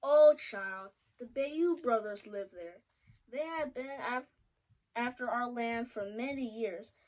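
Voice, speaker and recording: Motherly butterfly lady from a kids' storybook, warm and soothing, calls everyone child, as a reader puts her on. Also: on the high side, takes it slowly, poor audio. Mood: emphatic. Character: kind motherly female butterfly guide.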